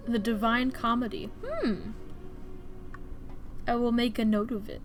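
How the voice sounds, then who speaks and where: A woman's voice: fairly high pitch, fairly even intonation, measured pace. A young woman streaming while she draws, chatting loosely and filling her talk with "like" and restarts. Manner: chatty, rambling, frequent "like" fillers. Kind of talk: casual chat while drawing on stream. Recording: faint music behind the voice.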